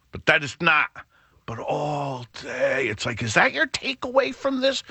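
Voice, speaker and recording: A man's voice: medium pitch, pushed and bright, breathy edge, no echo. A middle-aged man hosting a show, talking in a rambling, wry monologue that keeps breaking off and restarting. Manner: rambling, self-interrupting, wry. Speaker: show host. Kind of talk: casual monologue.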